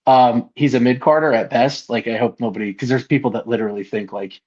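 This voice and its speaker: A man with a mid-range voice co-hosts a podcast, telling animated stories in casual, heavily profane chat and delivering quotes loudly as if acting them out. He speaks quickly, and the recording's highs are cut off.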